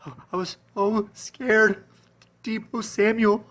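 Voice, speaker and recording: A woman's voice: medium pitch, level tone, slow, fairly bright tone. Woman playing a guilt-ridden, terrified fantasy football manager. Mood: guilty whisper. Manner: breathless whispering, swings between terror and relief.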